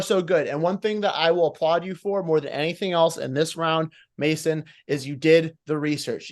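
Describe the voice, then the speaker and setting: Male judge, higher-pitched, talks through notes with lots of fillers, on a computer video call. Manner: coaching, encouraging, thinks aloud with fillers. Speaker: promo competition judge. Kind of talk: casual critique on a live panel.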